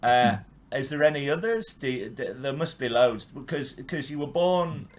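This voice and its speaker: A man's voice: mid-range voice, animated, moderate pace. An older man from England hosting a podcast interview, chatting enthusiastically with frequent restarts. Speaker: podcast host. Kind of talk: casual interview chat.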